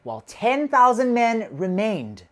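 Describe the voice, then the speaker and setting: Lively woman telling a children's story. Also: fairly high pitch, a little slow. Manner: animated and expressive, with shouted sound effects. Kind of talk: children's Bible story narration.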